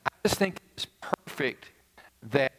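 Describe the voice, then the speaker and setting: A man preaching a conversational sermon as pastor, filling pauses and asking rhetorical questions, recorded live in a church sanctuary. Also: a bit bright, a little hiss or hum. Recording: live church broadcast with long reverb.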